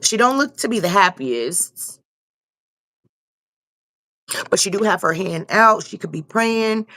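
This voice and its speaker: A woman's voice: mid-range voice, expressive, normal speed, pushed and bright. A young woman giving a loose, casual tarot reading and repeating herself often. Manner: loose, repetitive, swears casually. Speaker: tarot reader.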